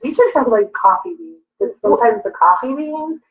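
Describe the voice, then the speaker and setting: A woman's voice: fairly high pitch, expressive, normal speed, recorded from a distance. A young woman co-hosting a casual wine tasting livestream, upbeat and casual, often saying "like". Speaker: co-host, daughter. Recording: echoey room, dull lo-fi sound.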